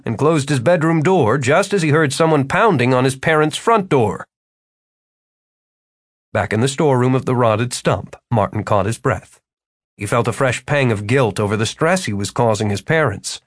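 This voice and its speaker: A man narrating an audiobook, with expressive storytelling. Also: medium pitch, normal speed, dry recording, clean studio sound. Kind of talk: scripted narration.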